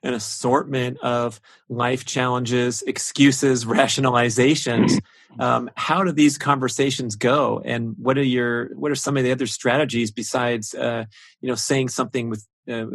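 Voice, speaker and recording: An American man hosting a podcast, asking measured, thoughtful questions. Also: mid-range voice, fairly even intonation, vocal fry, fairly bright tone, no echo. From United States. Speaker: podcast host. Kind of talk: podcast interview.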